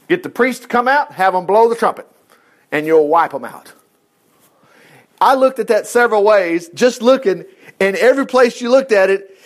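Excitable high-voiced male Bible teacher. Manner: excitable, reads scripture aloud with asides. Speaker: preacher.

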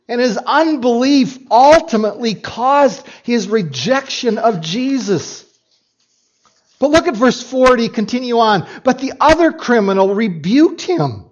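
Animated preaching man, dull lo-fi sound. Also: very high-pitched, measured pace. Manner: animated preaching with emphatic repeats and asides to the congregation. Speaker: pastor. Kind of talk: sermon. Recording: dull lo-fi recording.

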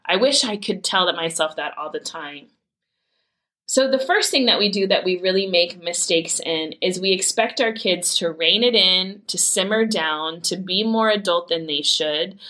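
A woman's voice: medium pitch, pushed and bright. A woman in her forties, a mother of teens, talking casually about parenting and prayer in a candid storytelling way. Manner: candid storytelling with laughs and acted quotes. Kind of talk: casual faith-based talk.

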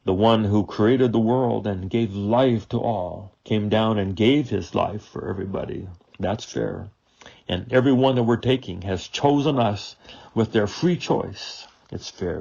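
Gravelly preacher with a muffled sound. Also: male voice, fairly low pitch. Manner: earnest, rhetorical questions, swings from loud to hushed. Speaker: preacher and radio show host. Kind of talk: daily devotional sermon.

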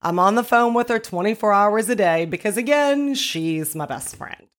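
A woman telling a story in a casual monologue, loud and animated, often laughing as she talks. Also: mid-range voice, moderate pace.

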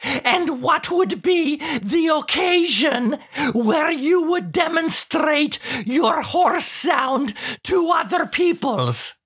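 A woman's voice: high-pitched, animated, takes it slowly, a bit bright, full character voice. A woman playing a sarcastic, teasing wife in a scripted comedy sketch, tossing off dry, mocking put-downs. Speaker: co-host of a comedy show.

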